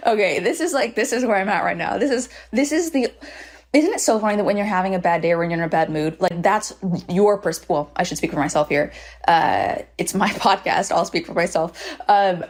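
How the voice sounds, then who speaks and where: A woman's voice: fairly low pitch, fairly quick. A young adult woman hosting her own podcast, talking alone in a casual, irritable, self-deprecating way and swearing freely. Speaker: podcast host. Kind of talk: casual solo podcast monologue. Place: hotel room.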